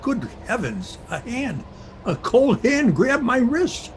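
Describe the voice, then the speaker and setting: A man playing a polite, skeptical gentleman traveler lost on the moors in an old-time radio drama. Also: very high-pitched, sing-song, slow, a little hiss or hum, exaggerated voice. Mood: alarmed. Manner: polite, well-spoken. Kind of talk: 1930s-style radio drama acting.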